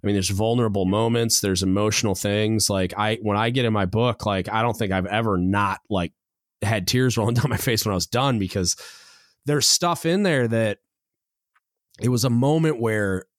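A male podcast host telling a story in a relaxed way, with fillers, dropping lower when he quotes others. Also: normal speed, dry recording, clean studio sound. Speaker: podcast host, Navy chief. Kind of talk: casual chat.

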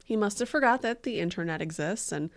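A woman's voice: mid-range voice, lively intonation, brisk. A woman co-hosting a podcast in casual, joking chat, sarcastic and a little theatrical. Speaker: podcast co-host.

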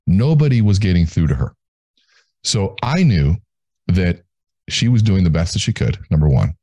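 Man, very low pitch, mellow dark tone, measured storytelling, interview guest. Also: sing-song, dry recording.

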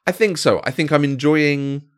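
A man's voice: on the high side, normal speed. Chatty man co-hosting a podcast. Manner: chatty, enthusiastic, with frequent restarts and laughs. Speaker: podcast co-host. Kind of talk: casual podcast chat.

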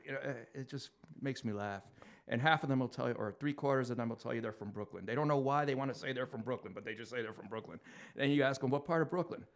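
A Queens man in his fifties with a New York accent is the guest in a casual conversation, telling relaxed stories and chuckling often. His voice is mid-range and his pace quick.

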